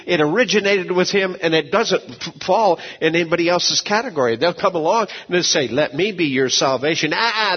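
A pastor preaches a sermon full of folksy stories, repeating words and swinging between low asides and shouted peaks. His voice is husky, and the dull audio has a long reverb tail.

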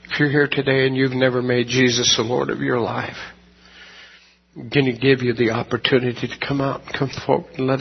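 A man, the pastor, closing a church service with a folksy, earnest sermon and prayer, slowing down to stress his points. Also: mid-range voice, vocal fry, slightly rough, in a large hall, lo-fi sound. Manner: earnest, folksy, slows down for emphasis.

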